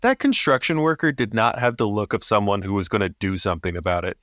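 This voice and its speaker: A man's voice: fairly low pitch, animated, fast talker, fairly bright tone, no room sound, studio quality. A young man co-hosting a casual movie review podcast, easygoing and agreeable, laughing along. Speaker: podcast co-host.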